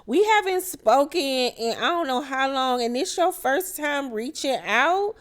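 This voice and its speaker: A woman voicing a whiny, dramatic young woman in a high, pleading, drawn-out tone. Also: expressive. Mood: sassy, mad.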